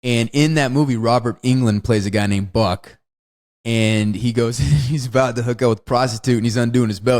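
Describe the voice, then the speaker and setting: Animated man talking movies. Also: medium pitch, brisk. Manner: animated, acts out movie lines in big shifting voices. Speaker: podcast co-host. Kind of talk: casual film discussion.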